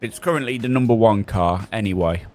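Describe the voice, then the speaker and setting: A young man spotting for a sim racer, calling traffic briskly between jokes. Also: on the low side, darkish tone, soft background music. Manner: brisk, jokey, calls traffic in short bursts. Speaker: race spotter. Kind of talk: live radio spotting during a sim race.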